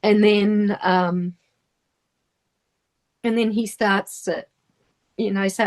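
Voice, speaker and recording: A middle-aged woman from New Zealand, speaking with a New Zealand accent in a voice of middling pitch. She is a podcast guest telling a personal story, and her speech halts often, full of restarts and phrases that trail off. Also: a little slow, long pauses.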